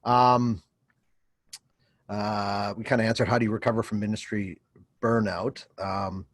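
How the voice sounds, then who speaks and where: A man's voice: lowish voice, level tone, unhurried, dry recording. A man hosting a webinar interview over a video call, asking listener questions in an easygoing way. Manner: easygoing, brief back-channel replies. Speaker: host. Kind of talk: casual interview.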